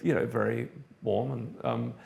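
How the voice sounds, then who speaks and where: An older man from South Africa, an interviewee recounting his past in a measured, thoughtful way with frequent pauses. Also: mid-range voice, fairly even intonation, gravelly, a little mellow. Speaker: interviewee, theatre director. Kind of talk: reflective personal recollection.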